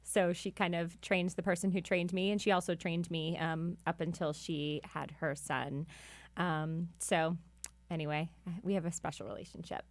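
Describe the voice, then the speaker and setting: A midwife co-host chats easily and tells a story from her life. Her voice sits a little low, and the sound is dry and close. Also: steady tone, normal speed, no echo. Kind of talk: casual podcast conversation.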